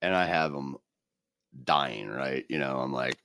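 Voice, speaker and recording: Very deep-voiced man telling stories. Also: measured pace, smooth, no echo, clean studio sound. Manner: animated storyteller, acts out quoted voices. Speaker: podcast co-host. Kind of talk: casual chat.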